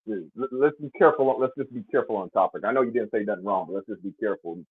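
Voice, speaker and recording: A man joining a panel talk, speaking haltingly with many fillers. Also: on the low side, phone-quality sound. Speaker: panel guest.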